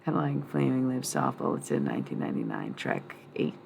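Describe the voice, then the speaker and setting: A woman's voice: a bass voice, wildly swooping pitch, a little fast, creaky, a little mellow, slight background noise. A woman reading tarot cards on a livestream, rambling and blunt, swearing freely and laughing often.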